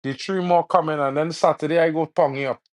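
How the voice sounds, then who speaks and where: A man hosting a live football watch-along, teasing rival fans in local slang and yelling about the referee's calls. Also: fairly high pitch, steady tone, quick pace. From Trinidad and Tobago. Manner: yells at the referee over fouls.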